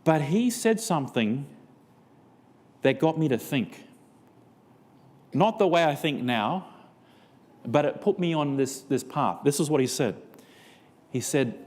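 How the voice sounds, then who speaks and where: A man's voice: a little high, lively intonation, measured pace, long pauses, big-room sound. A man preaching a seminar sermon, telling a story and acting out both sides of a conversation. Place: church.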